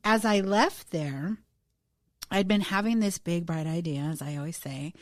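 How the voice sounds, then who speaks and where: A woman's voice: on the low side, a little slow, no room sound, clean studio sound. A woman co-hosting a podcast, telling a personal story in a chatty, self-deprecating way with the odd swear word. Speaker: podcast co-host. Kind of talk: casual storytelling chat.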